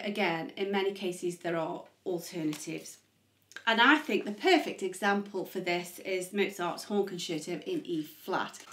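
Chatty woman teaching music, echoey room. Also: mid-range voice. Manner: chatty and enthusiastic, easily sidetracked. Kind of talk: casual educational vlog.

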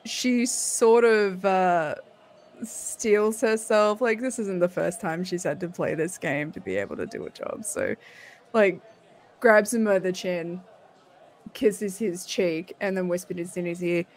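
A woman's voice: lowish voice, measured pace, darkish tone. A woman player narrating her character's actions in a tabletop game, casual and giggly. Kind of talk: tabletop role-play.

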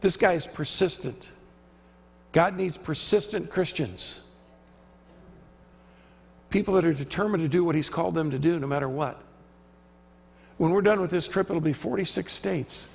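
A man's voice: fairly high pitch, normal speed, creaky, pauses often, slightly rough. A man preaching a sermon in a church, emphatic and acting out the quoted voices he describes. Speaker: visiting preacher. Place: church sanctuary. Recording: church hall reverb.

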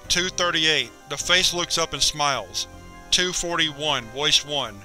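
A man reading a horror log as a narrator, measured and clinical. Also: a little high, bright, forceful tone, soft background music. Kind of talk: scripted narration of a horror document.

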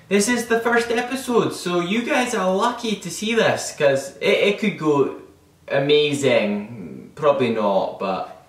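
A man doing a boastful young Scottish vlogger, full of himself and not very bright. He rambles in a slow, unhurried drawl and stumbles over his own words. The voice sounds distant, in an echoey room. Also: medium pitch. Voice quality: rambling, self-important, stumbling. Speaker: comedy vlogger character. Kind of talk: comedic character monologue.

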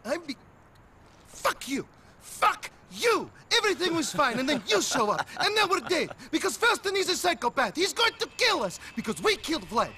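An actor playing a paranoid, frantic cousin who curses and panics in a video game cutscene. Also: male voice, sing-song, moderate pace, bright, forceful tone, slight background noise, full character voice. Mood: panicked. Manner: frantic, cursing, shrill. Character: panicky paranoid cousin, man hiding in a dumpster.

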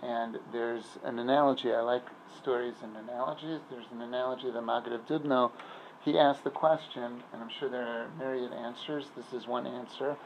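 A man, a rabbi, giving an informal class in a synagogue, telling stories and analogies in a conversational way, pausing to search for words. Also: mid-range voice, fairly even intonation, vocal fry, a little hiss or hum, poor audio.

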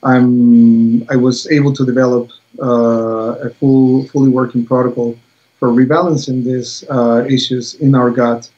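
A man explains his field as a guest on a video call, pausing often and filling gaps with ums and uhs. His delivery stays level and even, and the call audio sounds dull and lo-fi. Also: medium pitch. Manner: hesitant, many fillers, even delivery. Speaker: guest expert. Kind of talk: casual science interview.

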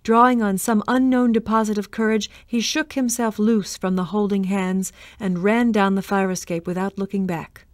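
Woman narrator: measured, expressive storybook reading; mid pitch, dry booth sound. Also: dry recording. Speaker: reader.

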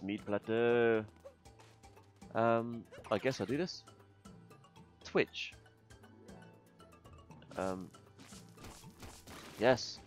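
A man commentating his gameplay, muttering to himself between loud, swearing outbursts, a little tired. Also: fairly low pitch, slow, pauses often. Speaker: gaming video host. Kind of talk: let's play commentary. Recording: faint game music behind.

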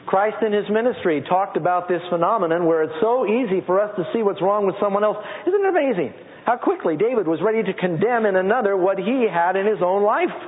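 A man's voice: high-pitched, expressive, a little fast. Preaching man in an echoing hall. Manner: conversational preaching, reads scripture aloud and asks the congregation to repeat lines. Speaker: pastor. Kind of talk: sermon. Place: church sanctuary with congregation. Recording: lo-fi phone-like audio with long hall reverb.

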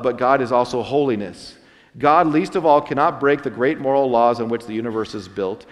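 A pastor preaching a sermon, earnest and dramatic, swinging between loud and soft. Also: male voice, mid-range voice. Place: church sanctuary. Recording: long reverb of a church hall.

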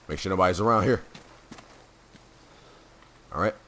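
A man giving casual gameplay commentary, chatty and rambling with many fillers, clearing his throat as his voice keeps cutting out. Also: deep voice, normal speed, a bit bright, slight background noise. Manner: rambling, chatty, full of fillers and self-corrections.

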